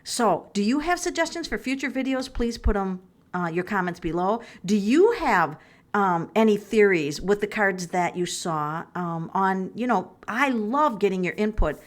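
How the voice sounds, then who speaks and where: A woman's voice: medium pitch, lively intonation, normal speed. A middle-aged woman doing a tarot reading on camera, thinking aloud with exclamations and many fillers. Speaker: tarot reader. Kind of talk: casual tarot reading vlog.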